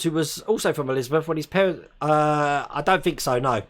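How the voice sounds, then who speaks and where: A man's voice: a little high, fairly quick, fairly bright tone. A man in his forties from England, hosting a live stream and chatting casually while reading viewer comments, laughing often. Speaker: host.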